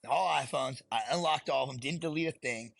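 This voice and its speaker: A man's voice: mid-range voice, a little fast, creaky, fairly bright tone, no echo. A middle-aged man, a podcast guest telling his story bluntly and profanely, rambling as he goes. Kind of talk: candid storytelling.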